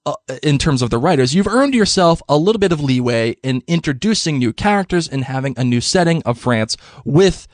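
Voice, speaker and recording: A man's voice: a little high, expressive, a little fast, hardly any pauses, no echo. A young man hosting a podcast, rambling casually with frequent laughter and restarts. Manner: giggly, rambling, many restarts. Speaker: podcast host.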